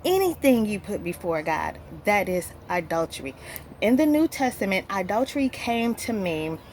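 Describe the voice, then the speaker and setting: A woman's voice: medium pitch, sing-song, normal speed, slight background noise. A woman giving a casual Bible lesson, talking conversationally, with many fillers and rhetorical questions. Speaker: Bible teacher.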